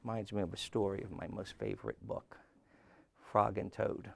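A man's voice: on the low side, normal speed, vocal fry, no echo. A man preaching a sermon in an emphatic way, often repeating his phrases.

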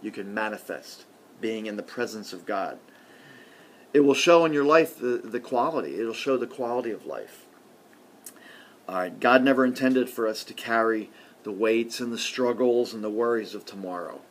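A man preaching a sermon in a conversational way, often adding "see" and "okay", and swinging from loud emphasis to quiet murmurs. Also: fairly low pitch, lively intonation, normal speed.

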